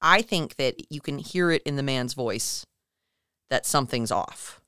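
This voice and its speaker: A woman's voice: extremely low pitch, a little slow, smooth, no room sound, studio quality. A woman co-hosting a podcast, retelling a story in casual chat and acting out the quotes as she goes. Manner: animated retelling, acts out quotes. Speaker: podcast co-host.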